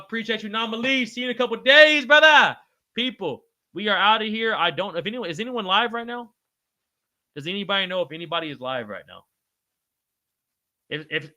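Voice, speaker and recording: A bright, forceful man's voice, sitting a bit above average pitch. He hosts a casual livestream, reading comments and giving loose, slangy shout-outs to his viewers. The sound is dry and close. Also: no echo. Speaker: livestream host.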